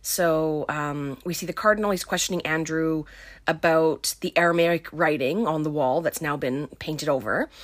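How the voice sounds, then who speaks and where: A woman's voice: deep voice, moderate pace, no room sound. A young adult woman casually recapping a film's plot, chatty and filled with "um" and "like". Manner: chatty, full of "um" and "like". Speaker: film recap host.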